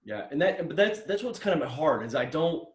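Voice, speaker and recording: A man's voice: a little high, sing-song, moderate pace, reverberant. A man calling in to a show, agreeable and brief in his replies. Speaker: caller. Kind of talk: call-in chat.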